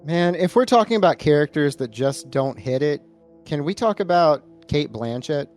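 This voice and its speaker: Dry podcast guy, kinda high voice, faint music behind. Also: lively intonation, normal speed, a little mellow. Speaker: podcast co-host. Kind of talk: casual movie review chat.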